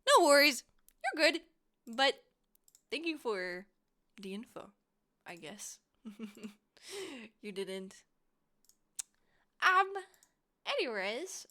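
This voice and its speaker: A woman's voice: on the high side, sing-song, extremely slow, pauses often, sharp tone, soft background music. A young woman from Germany, chatting casually with viewers on a live stream, giggling often and rambling playfully.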